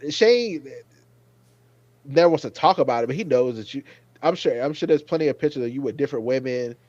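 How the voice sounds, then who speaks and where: Brief: man, review-show host, casual and animated, jumps into quoted outbursts; dry, slightly muffled audio. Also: mid-range voice, fairly quick, dry recording. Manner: animated, acts out characters' lines in quoted asides; frequent fillers and restarts, exclaims loudly. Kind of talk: casual TV episode review chat.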